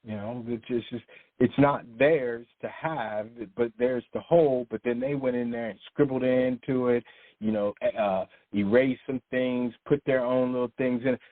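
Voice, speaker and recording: A man's voice: medium pitch, steady tone, a little slow, no echo. A man giving an emphatic, informal sermon to his online subscribers and reading scripture aloud. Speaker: online teacher of a channel. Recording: phone-like narrow audio.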